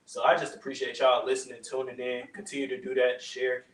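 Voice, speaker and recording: A man's voice: medium pitch, flat delivery, brisk. A teenage boy on a podcast panel, talking in a laid-back, rambling way. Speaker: teen panelist. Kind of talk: casual group chat. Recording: echoey room, far from the mic.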